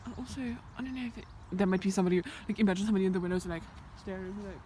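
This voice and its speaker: A young woman vlogs while walking on a rural hillside, talking nervously to the camera and often slipping into a whisper. Her voice is medium-pitched and warm, and she speaks very fast. The outdoor recording is noisy.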